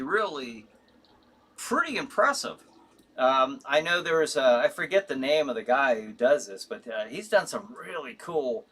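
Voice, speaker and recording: A man's voice: medium pitch, a bit bright. A man hosting a casual live stream, reading viewer comments aloud and answering them in a rambling way with fillers and restarts. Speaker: host.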